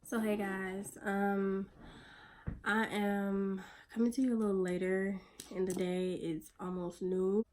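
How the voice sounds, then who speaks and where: A woman vlogging in a blunt, profane pep-talk manner, sometimes dropping her voice to a soft near-whisper. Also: medium pitch, level tone, slow. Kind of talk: casual motivational vlog talk.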